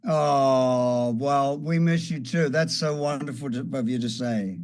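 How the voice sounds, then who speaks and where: A man's voice: medium pitch, measured pace, darkish tone. An older man, a guest guitarist, fondly reminiscing in a casual chat with light jokes.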